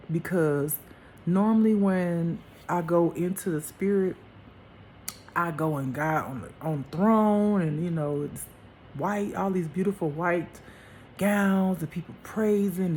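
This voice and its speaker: A woman gives a casual spiritual monologue as a life teacher, emphatic and chatty, laughing often and calling her listeners honey and baby. Her voice is lowish and a little mellow, with slight background noise in the recording.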